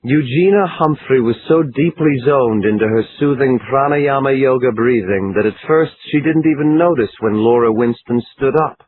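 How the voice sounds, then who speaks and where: A man reading a crime thriller audiobook in a dramatic, expressive way. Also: mid-range voice, moderate pace, hardly any pauses. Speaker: audiobook narrator. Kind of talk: scripted narration. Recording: lo-fi phone-like line, faint hiss.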